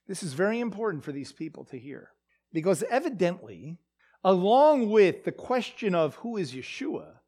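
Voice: mid-range voice, a little mellow. A Bible teacher giving a verse-by-verse lesson, reading scripture aloud and then explaining it emphatically, often checking in with "okay?".

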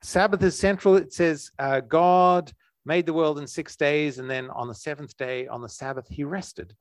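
A man giving an earnest, conversational sermon. His voice is a little higher than most men's, and he stumbles and restarts as he goes. The recording is dry and close, with little room sound. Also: steady tone, moderate pace, no echo. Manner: earnest, with frequent restarts and fillers. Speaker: preacher.

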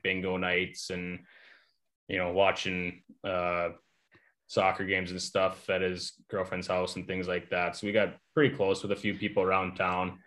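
A young adult man, a guest in a casual chat, telling stories with lots of fillers. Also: sits low. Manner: relaxed, filler-heavy storytelling. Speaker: guest, hockey player.

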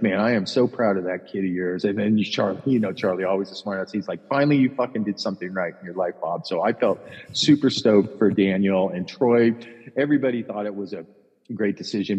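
Rambling low-voiced middle-aged man, husky. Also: fairly quick. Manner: rambling, profane, animated quoting of others. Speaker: podcast co-host, tour caddie. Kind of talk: casual storytelling chat. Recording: dull lo-fi sound with long reverb.

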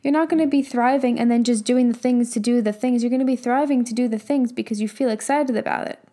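A young woman speaks as a motivational coach, her voice a little high yet mellow and warm. She talks casually and emphatically, stacking rhetorical questions and letting an occasional swear slip. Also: fast. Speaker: business and mindset coach. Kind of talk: motivational talk.

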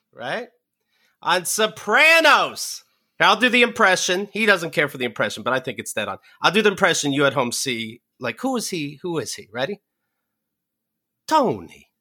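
A man's voice: high voice, pushed and bright. A man hosting a podcast in casual chat, joking and teasing his guest. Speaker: podcast host.

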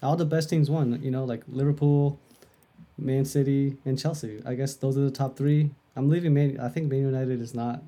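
A man's voice: mid-range voice, fairly even intonation, moderate pace, mellow. A man co-hosting a casual sports podcast, speaking in a hesitant, easygoing way. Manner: hesitant, filler-heavy, easygoing.

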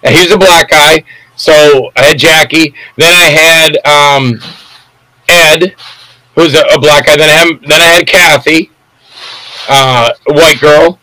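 Man, film director guest, rambling storyteller, gropes for names, bright forceful tone, dry sound. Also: a little high, steady tone, a little slow, no room sound, poor audio. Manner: rambling, loses names mid-sentence.

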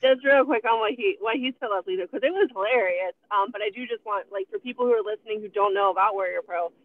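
A woman's voice: mid-range voice, fast, no echo. A woman talking over the phone on a podcast, explaining things at length. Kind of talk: casual podcast chat. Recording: tinny phone line.

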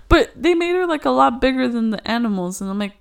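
A young woman co-hosting a podcast, giggly, jumping in with quick reactions. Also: high voice, animated, gravelly, clear, resonant tone. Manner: giggly, quick back-channel responses. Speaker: podcast co-host. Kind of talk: casual chat.

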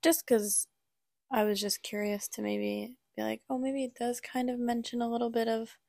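A woman's voice: fairly high pitch, flat delivery, moderate pace, gravelly, darkish tone, no echo, clean studio sound. A woman co-hosting a casual podcast, reacting to her co-host and explaining her thoughts. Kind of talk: casual chat.

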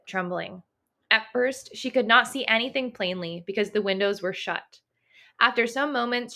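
Bright-voiced woman reading aloud. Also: medium pitch. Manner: expressive, laughs often. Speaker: podcast co-host and reader. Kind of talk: reading aloud and casual book chat.

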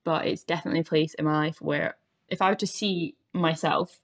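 A woman's voice: low-pitched, steady tone, brisk. A young Scottish woman chatting as a podcast guest, talking openly with lots of filler words. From Scotland. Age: young adult. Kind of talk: casual podcast chat.

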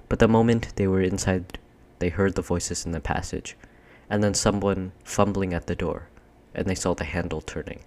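Man, audiobook narrator, very deep voice, measured and expressive, scripted storybook reading. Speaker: audiobook reader.

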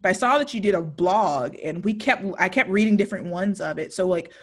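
A woman's voice: on the low side, animated, fairly quick, breathy edge. A young adult woman hosting a podcast interview in a chatty, rambling way, with casual swearing. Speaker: podcast host.

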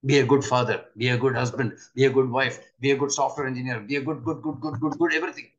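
An older man giving an earnest spiritual talk, often pausing to ask his listeners rhetorical questions. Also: medium pitch, steady tone, lo-fi sound. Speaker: spiritual teacher.

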